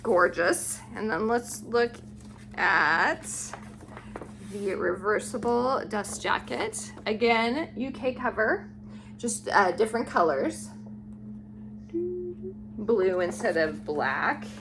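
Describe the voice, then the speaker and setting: A woman vlogger showing off a book haul, gushing and unhurried as she admires each book aloud. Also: fairly high pitch, lively intonation, vocal fry, noisy background. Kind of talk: casual book haul show-and-tell.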